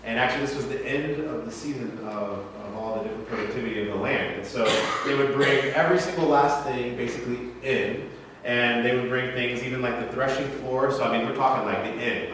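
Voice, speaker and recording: A man's voice: mid-range voice, fast talker, fairly bright tone, a little hiss or hum. A male pastor preaching a sermon in a casual, joking, conversational way, often asking the congregation questions. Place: church sanctuary. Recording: echoey church hall from far off.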